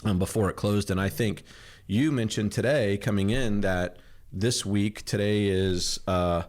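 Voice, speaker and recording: Low-voiced man hosting a chatty podcast. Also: a little slow, darkish tone. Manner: friendly, joking, rambling. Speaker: podcast host. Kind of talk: casual chat. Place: home office in kitchen.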